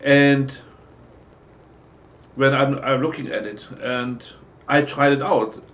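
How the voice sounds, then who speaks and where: A man speaking hesitantly in casual chat about beer, halting with many restarts. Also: medium pitch, fairly even intonation, fairly bright tone, dull audio.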